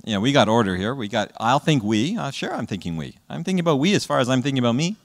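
A man giving a public talk to parents, an animated storyteller who often checks in with "right?" and acts out what children say. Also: medium pitch, fast talker, vocal fry, in a large hall. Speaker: guest speaker. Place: presentation hall.

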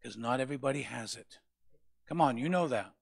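A male pastor preaching a sermon, with passionate rises to loud peaks. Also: mid-range voice, expressive, a little fast, gravelly, no room sound, clean studio sound.

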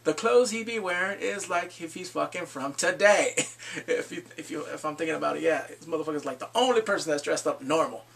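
A man casually recapping a TV episode in a vlog, excitable and profane, jumping into the characters' lines as he goes. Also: fairly high pitch, fairly quick, vocal fry, breathy edge. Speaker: TV episode reviewer.

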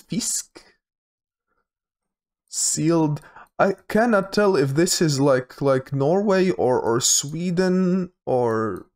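A young man giving casual commentary while he plays a geography guessing game, thinking aloud with hesitant, repeated words. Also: fairly high pitch. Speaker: game streamer.

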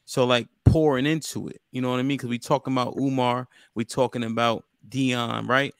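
A man's voice: mid-range voice, level tone, brisk, smooth, no echo, clean studio sound. A man hosting a casual panel podcast, talking bluntly with some profanity. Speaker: podcast host.

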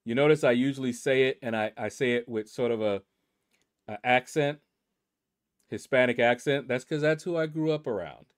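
A man's voice: mid-range voice, normal speed. Laid-back male gaming channel host. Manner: laid-back and rambling, with many asides. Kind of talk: casual commentary reading a leaderboard.

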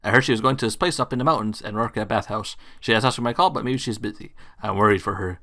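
A man's voice: on the low side, fast talker, pushed and bright. A man reading the lines of a worried young woman looking for her sister, in his own plain voice.

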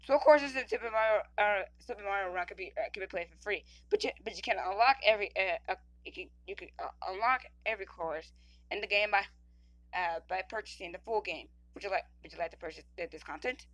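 A woman's voice: mid-range voice, fast, a bit bright. A woman giving casual gameplay commentary, stammering, repeating words and reading the screen text aloud.

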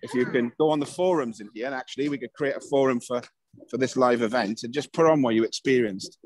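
A man hosting a spiritual live stream from a hilltop at night, talking in a gentle, thankful, rambling way full of fillers, into a handheld phone. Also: mid-range voice, fast talker, slight background noise, rough recording. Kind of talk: casual live-stream chat.

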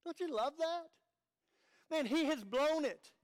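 A man's voice: very high-pitched, lively intonation, slow. A man preaching an earnest, conversational sermon as pastor, with rhetorical questions to the congregation.

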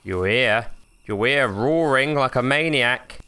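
A man's voice: medium pitch, slow, background noise. A young man commentating a horror game, swearing freely, joking, and yelping when startled. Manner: swearing, excitable, jokey, yelps when startled. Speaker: gaming YouTuber.

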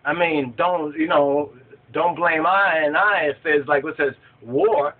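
A man's voice: fairly high pitch, a little slow. A man leading a Bible study who reads verses aloud and keeps asking his listeners whether they understand. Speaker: scripture study teacher. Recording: tinny phone-like line.

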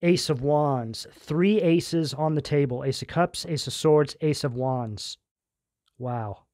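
A man doing a tarot reading in a loose, conversational way, often checking in with "right?" and filling pauses with "um". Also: fairly high pitch, a little mellow, no echo, clean studio sound. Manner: conversational, keeps asking "right?", fillers. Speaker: tarot reader. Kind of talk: casual tarot reading monologue.

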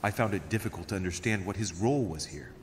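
A man's voice: deep voice, fast talker, a little hiss or hum, natural voice. An actor playing a polite, wary male diplomat in a story game. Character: cautious male diplomat questioning the lord. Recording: game audio with hall reverb.

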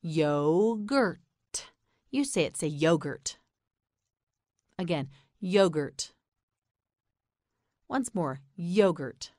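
A woman with an American accent leads a beginner pronunciation lesson at a very slow, deliberate pace. Her voice sits a little low, and the recording is close and dry. She says each word with care and then asks the listener to say it back. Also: big pitch swings, a little mellow, dry recording. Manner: repeats words slowly and asks the listener to say them back. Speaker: English pronunciation teacher. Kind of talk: slow, clear scripted lesson narration.

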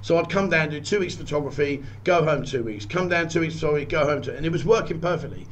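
A man earnestly telling a personal story, often halting and repeating words. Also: fairly high pitch. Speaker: guest telling his story.

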